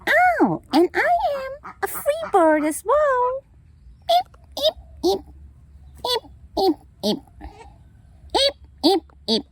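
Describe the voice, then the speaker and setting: A woman voicing a playful little bird, squeaking chirps and speaking slow, careful English. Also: huge pitch swings, no echo, full character voice. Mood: chirpy.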